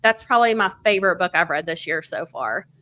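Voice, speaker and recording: A woman hosts a podcast and talks books in a loose, gushing way. She fills her sentences with "like" and "um" and swears without a second thought. Her voice is bright and forward. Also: fairly low pitch, brisk, a little hiss or hum. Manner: chatty, many fillers, casual swearing; animated, excited storytelling. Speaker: podcast host. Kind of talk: casual book-review chat.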